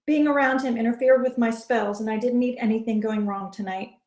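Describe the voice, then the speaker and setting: A woman author reading her first-person novel aloud in soft, measured narration. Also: fairly high pitch, steady tone. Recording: roomy echo.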